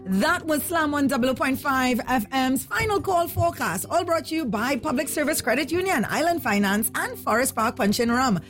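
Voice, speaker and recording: A woman's voice: high-pitched, animated, normal speed, few pauses, fairly bright tone, faint music behind. A woman hosting a radio show, chatting playfully and teasing her callers. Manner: playful, teasing, laughs easily. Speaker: radio host. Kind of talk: casual radio chat.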